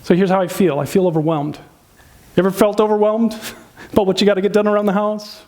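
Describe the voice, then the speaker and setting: Here the pastor sounds high-pitched and dark in tone, speaking fast with a steady delivery. His relationship sermon stays conversational as he quizzes the congregation and plays out husbands' and wives' grievances loudly.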